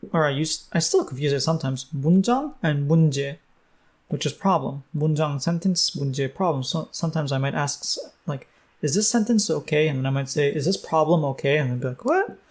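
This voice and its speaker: A young man teaching a language lesson in a casual, think-aloud way, with frequent fillers and self-corrections. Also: on the high side. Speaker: Korean language tutor.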